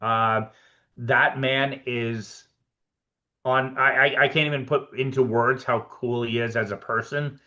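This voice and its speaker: A man, a production designer guest on a podcast, telling animated anecdotes and acting out both sides of his conversations. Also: mid-range voice, unhurried, highs cut off. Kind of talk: casual storytelling interview.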